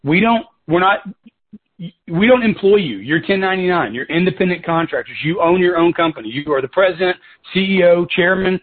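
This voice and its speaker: A man's voice: high-pitched, expressive, a little fast. A man leading a coaching talk for his sales team on a conference call, casual and conversational, often calling them "guys" and wandering into side stories. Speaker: sales team leader and mentor. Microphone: telephone. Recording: tinny phone-line conference call.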